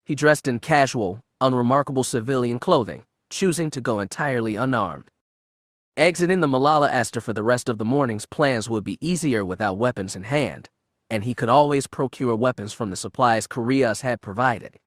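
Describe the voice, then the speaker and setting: A man reads a space-adventure novel aloud in a measured, even narration. His voice sits in a middle register, and the recording is dry and close with no room sound. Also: medium pitch, no echo. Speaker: audiobook narrator. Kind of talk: audiobook narration of fan fiction.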